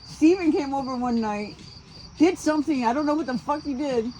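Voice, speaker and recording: High-voiced woman in her sixties, rambling and giggly. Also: moderate pace, warm tone. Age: 60s. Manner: rambling, swears a lot, giggles often. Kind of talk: casual chat. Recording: noisy outdoor recording.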